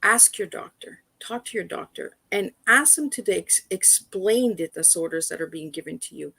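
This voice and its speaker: A woman's voice: fairly low pitch, animated, normal speed, vocal fry, bright, forceful tone, breathy edge, no room sound. A woman speaking as a guest on a livestream, earnest and direct, often repeating words as she urges listeners to ask their doctors. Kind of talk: personal awareness talk. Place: livestream video call.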